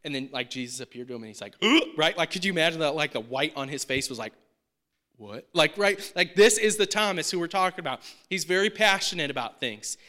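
A man's voice: fairly high pitch, animated, bright, forceful tone. A young man teaching a Bible passage in a casual, conversational way, acting out the disciples' lines. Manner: conversational, acts out disciples' lines in quick voices.

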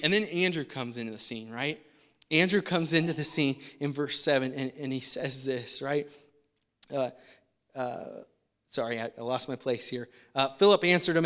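A man's voice: on the high side, expressive, normal speed, fairly bright tone. A man preaching a sermon in a casual, chatty way, often asking "right?". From United States. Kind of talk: conversational sermon.

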